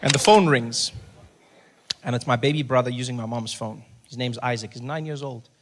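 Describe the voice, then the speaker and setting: A man's voice: medium pitch, moderate pace. A young man with a South African accent, telling stand-up stories and acting out every character himself. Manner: animated, acts out both sides of his stories. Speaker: stand-up comedian. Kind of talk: stand-up comedy storytelling.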